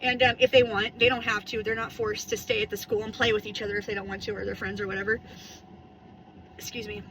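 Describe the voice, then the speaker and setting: A woman's voice: mid-range voice, flat delivery, fast talker, hardly any pauses, a bit bright, a little hiss or hum, poor audio. A woman in her thirties chatting casually and rambling while she vlogs from her car on a phone camera. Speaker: vlogger. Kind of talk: casual driving vlog chat. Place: in a parked car.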